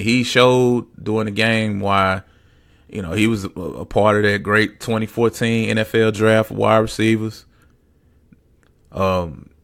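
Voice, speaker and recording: A man's voice: lowish voice, creaky, fairly bright tone. A man hosting a podcast, talking sports in a casual, rambling way with lots of fillers and repeated phrases. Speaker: podcast host.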